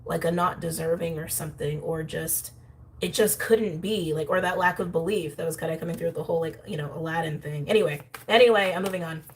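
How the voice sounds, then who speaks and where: A young woman with a slightly low voice gives a tarot and astrology reading. She talks straight to her viewers in a chatty, animated way. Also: fairly quick, a little hiss or hum. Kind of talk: intuitive tarot reading to camera.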